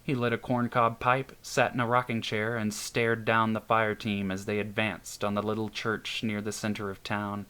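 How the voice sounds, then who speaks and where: Low-voiced man narrating horror. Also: level tone, normal speed, few pauses, pushed and bright, clear, resonant tone. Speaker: narrator and author.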